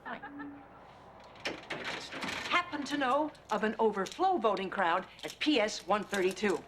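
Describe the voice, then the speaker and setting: A woman's voice: medium pitch, lively intonation, unhurried, natural voice. An actress playing an outspoken, sardonic woman journalist in her forties, speechifying with defiance in a sitcom. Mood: defiant. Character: brash outspoken woman journalist, mid-40s. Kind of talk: sitcom acting. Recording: studio audience laughter, noisy.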